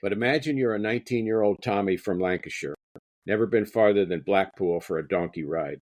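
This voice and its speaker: Man voicing humble wartime entertainer, self-deprecating, earnest, low voice, dry sound. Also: fairly quick, a little mellow, no echo, close to an everyday voice. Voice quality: plain voice, no accent attempted.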